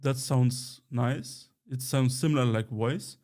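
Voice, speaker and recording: A Romani-speaking man, a journalist, co-hosts a podcast in a casual chat. His mid-range voice has a darkish tone, and he sounds hesitant, pausing often and filling gaps with fillers and restarts.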